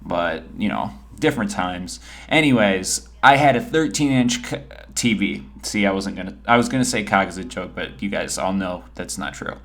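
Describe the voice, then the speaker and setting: A man's voice: low-pitched, expressive, normal speed, a bit bright. A man in his twenties giving joking, rambling advice over gameplay in a casual vlog. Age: 20s. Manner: joking, rambling, self-deprecating.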